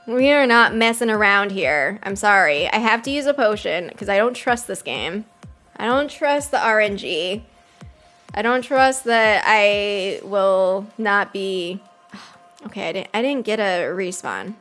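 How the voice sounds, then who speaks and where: A woman's voice: medium pitch, measured pace, fairly bright tone, faint music behind. A woman streaming a mobile game live, chatting casually, giggling often and reading game dialogue aloud.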